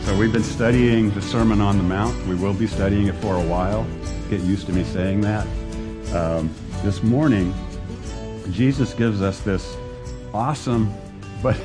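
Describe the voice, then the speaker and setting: A man's voice: lowish voice, mellow, slightly rough. A man preaching a sermon to his congregation, earnest and building, with rhetorical questions to the listeners. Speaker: pastor. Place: church service with a congregation.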